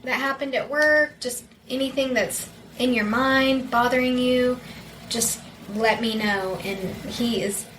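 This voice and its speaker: A woman with a fairly high voice talks as a podcast guest about being a firefighter's wife. Her delivery is gentle and measured, with faint background noise. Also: low-quality recording. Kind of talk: casual podcast conversation.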